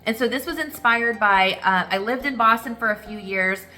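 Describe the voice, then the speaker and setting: A woman's voice: on the high side, moderate pace, bright, forceful tone, soft background music. A woman who teaches speech-language pathology, explaining methodically with examples. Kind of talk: explanatory product walkthrough.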